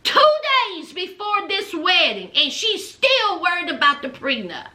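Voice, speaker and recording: A woman recapping a reality show in casual chat, animated, calling listeners honey and child and acting out what people said. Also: very high-pitched, unhurried, roomy sound. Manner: animated, says honey and child, acts out quotes.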